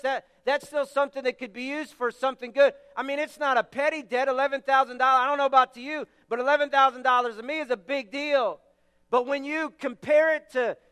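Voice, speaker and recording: A man's voice: very high voice, a bit bright, clear, resonant tone, long reverb tail. A man preaching a sermon as pastor, stressing his points by repeating phrases.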